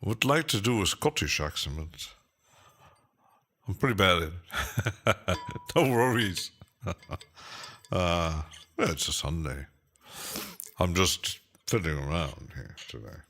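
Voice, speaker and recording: A man's voice: deep voice, lively intonation, slow pace, pauses often, bright, forceful tone. A man casually chatting on a live stream while producing music, rambling and hesitant, often laughing to himself.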